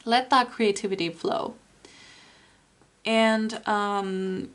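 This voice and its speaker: A woman giving a spoken tarot reading, soft and earnest, with many fillers. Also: medium pitch, takes it slowly. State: tearful, emotional. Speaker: tarot reader.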